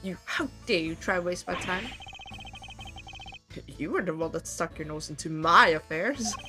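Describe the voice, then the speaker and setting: A woman's voice: on the low side, measured pace, over music, voice pushed down, natural voice. A woman doing a haughty rich art dealer. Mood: scornful. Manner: haughty, impatient, condescending. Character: pompous wealthy male art dealer.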